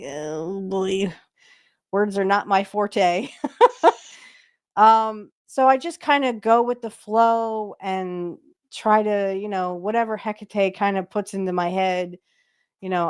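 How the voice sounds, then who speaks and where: A woman's voice: mid-range voice, clear, resonant tone. A young adult woman from the northern United States hosting a casual chat, talking freely and laughing often. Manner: laughs often, chatty and animated. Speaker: podcast host.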